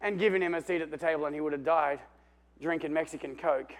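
A man preaching a sermon, telling the story with animation and swinging between loud and hushed while calling out for amens. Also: on the high side, fast talker. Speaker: pastor.

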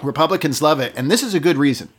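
A man chatting on a podcast, opinionated and wry. His pitch moves a lot from line to line, and the sound is fairly clean. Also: lively intonation, rapid-fire, slightly rough. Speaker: podcast co-host. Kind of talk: casual chat.

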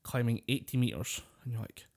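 A man's voice: medium pitch, expressive, fairly quick, creaky, darkish tone. A man co-hosting a casual podcast, telling a story with a lot of swearing and laughter. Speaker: podcast co-host. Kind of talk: casual chat.

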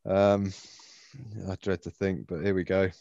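A man's voice: sits low, little pitch movement, a little slow, warm tone, smooth, no echo. A man, co-hosting a casual, jokey podcast chat. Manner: dry, jokey, laughs often. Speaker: podcast co-host. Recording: dull, muffled lo-fi sound.

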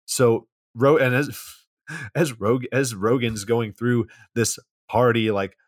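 A man's voice: mid-range voice, fairly even intonation, slow, dry recording, clean studio sound. A man co-hosting a podcast, recapping a movie in a loose, profane, rambling way. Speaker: podcast co-host. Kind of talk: casual movie recap chat.

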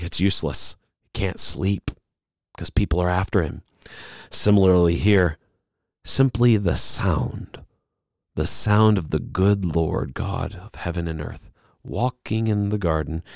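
A man preaches in a low-pitched, earnest voice, pausing between phrases and now and then acting out the lines he quotes. The sound is dry and close, with no room echo. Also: a little mellow. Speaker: pastor. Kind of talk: sermon.

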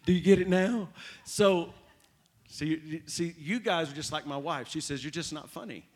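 Animated preacher, fairly high voice. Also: male voice, a little slow. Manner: animated, repetitive preaching with call-outs to the crowd. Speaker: pastor. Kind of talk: sermon.

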